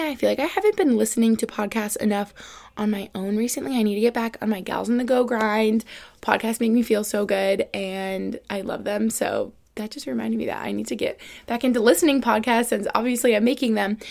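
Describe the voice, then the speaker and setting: A woman's voice: fairly high pitch, a little fast, creaky. Chatty young woman, rambling upbeat podcast. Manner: rambling, filler-heavy, upbeat. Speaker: podcast host. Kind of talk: casual solo podcast chat.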